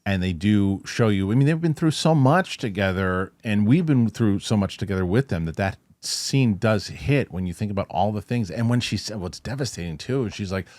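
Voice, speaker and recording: A man's voice: lowish voice, expressive, moderate pace, hardly any pauses, a little mellow, dry recording. A man hosting a casual film review chat, rambling with restarts and acting out movie lines. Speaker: host.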